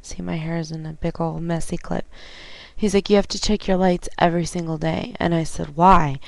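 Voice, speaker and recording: A woman with a low voice talks casually into a home webcam. She tells a story in an animated way, acts out each side of a conversation, and now and then coughs or clears her throat. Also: brisk, no room sound. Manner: chatty, animated retelling with quoted dialogue. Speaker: vlogger.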